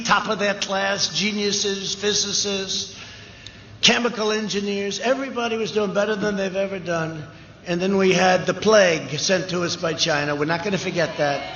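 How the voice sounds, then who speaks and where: This man has a high voice and is giving an unplanned, emphatic speech at a large outdoor rally, repeating himself and wandering off on asides. The sound is echoey PA audio with highs cut off, a noisy background, and a crowd cheering.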